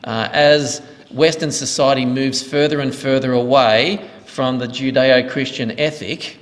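A man's voice: mid-range voice, fairly even intonation, measured pace. Aussie pastor guy taking questions, earnest, voice ringing in a big echoey hall. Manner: earnest, explanatory, thanks each asker. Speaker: pastor answering audience questions. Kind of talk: Q&A teaching session. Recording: reverberant hall.

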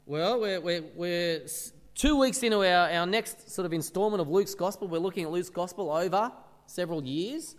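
Male pastor, sermon, conversational with rhetorical questions, high animated voice, reverberant church hall. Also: normal speed. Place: church service.

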